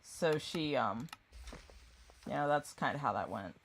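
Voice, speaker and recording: A woman's voice: very deep voice, expressive, a little slow, creaky, a little hiss or hum. A woman streaming a game, chatting casually and rambling, often distracted. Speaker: gaming streamer. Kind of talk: casual chat while gaming.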